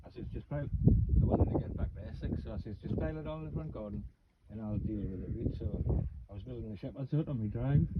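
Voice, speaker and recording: A man's voice: mid-range voice, narrow, tinny audio, heavy background noise. A Geordie man in his fifties from Newcastle, chatting casually and rambling through stories, acting out what people said. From Newcastle, England. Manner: rambling, animated storyteller acting out quotes. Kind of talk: casual chat, storytelling.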